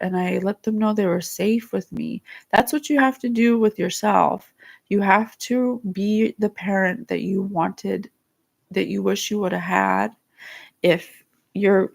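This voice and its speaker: Earnest woman with a creaky voice. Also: medium pitch. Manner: soft, earnest, emotional. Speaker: psychic podcast host. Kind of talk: spiritual guidance talk, reading viewer comments.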